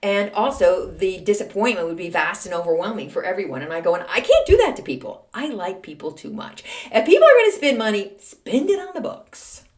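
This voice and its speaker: A middle-aged woman hosting a solo podcast, chatting in a self-deprecating, animated storytelling way. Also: mid-range voice, fairly quick, hardly any pauses. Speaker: podcast host. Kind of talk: casual solo podcast monologue.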